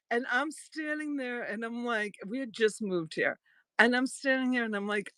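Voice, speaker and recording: Her voice is a little high and a bit bright, with lively intonation, captured dry. A middle-aged woman from Boston, she hosts a casual live sale, telling meandering stories punctuated by laughs and quick asides.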